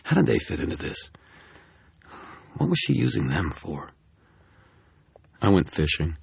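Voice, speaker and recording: A man narrating a first-person audiobook in a steady, dry storytelling manner. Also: deep voice, unhurried, vocal fry, pauses often, slightly rough, dry recording.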